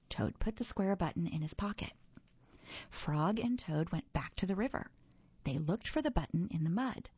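Husky woman reading a children's story. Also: on the low side, lively intonation, moderate pace, a little mellow, no echo, dull audio. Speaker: storybook reader. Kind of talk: reading a children's book aloud.

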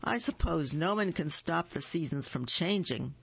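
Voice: medium pitch, expressive, normal speed, gravelly, husky, no room sound, muffled recording. A reader doing a grumpy sleepy rabbit. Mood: grumbling. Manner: grumbling, sighing.

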